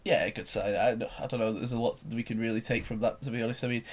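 A man hosts a podcast in a relaxed, easygoing way. He laughs easily and fills pauses with ums and uhs. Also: medium pitch. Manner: laid-back, laughs easily, hesitant fillers. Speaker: podcast host. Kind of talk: casual chat.

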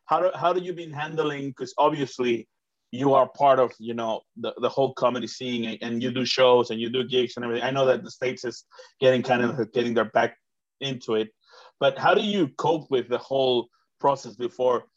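A man's voice: medium pitch, fairly even intonation, a little fast, dry recording, muffled recording. A man hosting a casual interview, talking in a rambling way with many restarts. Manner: rambling, frequent restarts and fillers. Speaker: interview host.

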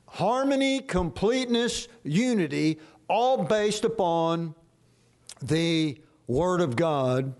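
Older male preacher, folksy storyteller. Lively pitch, unhurried pace. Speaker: pastor. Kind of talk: sermon.

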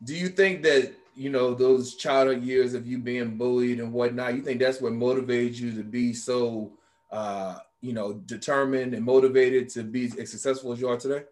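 A man hosting a talk show, asking questions in a relaxed, encouraging way. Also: medium pitch, moderate pace. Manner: encouraging, frequent backchannel yeahs. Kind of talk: casual interview chat.

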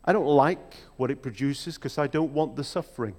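A man preaching a sermon in a reflective, measured way, with emphatic rhetorical questions. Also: medium pitch, darkish tone. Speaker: pastor. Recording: long hall reverb.

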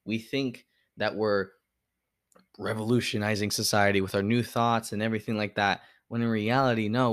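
A man's voice: lowish voice, fairly bright tone, dry recording, studio quality. A young man hosting a solo podcast, talking earnestly in a rambling way, with lots of "like" and restarts. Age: young adult. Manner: earnest, rambling, heavy use of "like". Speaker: podcast host.

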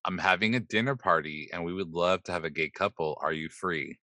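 Sassy low-voiced man, bright tone. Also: a little fast, dry recording. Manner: sassy, swears freely, laughs often. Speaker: guest host. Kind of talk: casual podcast chat.

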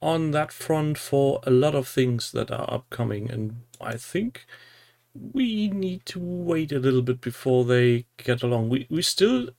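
A man co-hosting a podcast in casual chat, speaking hesitantly with frequent pauses. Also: mid-range voice, animated, gravelly, a little mellow. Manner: slow and hesitant, many "uh" fillers. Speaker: podcast co-host.

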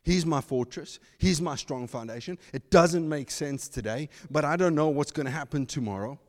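A man preaching a sermon as pastor, animated, slipping into mocking asides in put-on voices. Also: fairly high pitch, normal speed, big-room sound. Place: church.

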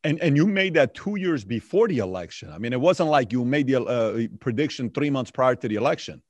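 Male host, quick follow-up interjections, mid-pitched, dry close mic. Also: animated, dry recording. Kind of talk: casual interview.

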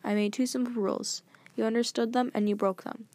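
A woman voicing a stern, formal old grandfather who speaks in a measured, grave, lecturing way, a bit lower and quieter than her narration. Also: fairly even intonation, dry recording, close to an everyday voice.

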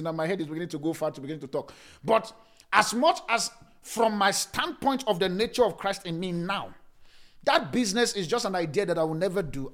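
A man preaching as a pastor, repeating phrases for emphasis, and swinging between loud emphatic lines and soft, laughing asides. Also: high-pitched. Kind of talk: sermon.

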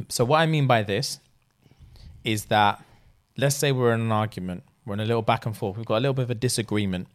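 A man's voice: medium pitch, a little fast. A young man, ranting in casual podcast chat, slangy and full of swearing. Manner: profane, animated ranting, slangy.

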